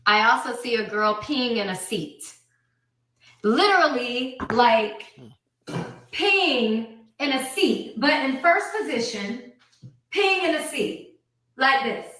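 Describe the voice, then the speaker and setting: A woman with a high, bright voice tells her story slowly and with feeling. She repeats lines and acts out the people she quotes. The sound is roomy and echoing. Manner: animated, repeats herself, quotes others. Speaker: guest telling her story. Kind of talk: emotional storytelling clip.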